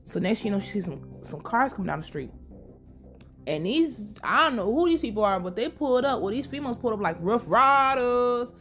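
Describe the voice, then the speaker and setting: Animated, cussing woman recapping a show. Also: on the high side, fairly quick, soft background music. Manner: animated, profane, laughing running commentary. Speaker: TV recap host. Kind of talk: casual TV episode recap.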